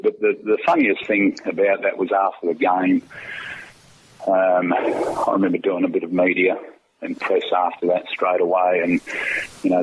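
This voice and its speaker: This former footballer, a middle-aged Australian, rambles through a story in a low voice on poor audio with a bit of hiss or hum. Fillers and restarts are everywhere, and he laughs frequently.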